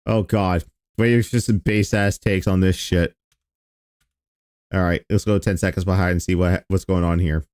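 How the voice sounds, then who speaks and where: A lowish male voice, dry and close with no room sound, making sarcastic jabs as he reacts to a clip. He talks casually and swears freely, poking fun at the video. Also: steady tone, normal speed, darkish tone, smooth, no echo. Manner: mocking, sarcastic and profane. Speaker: streamer reacting to an old video.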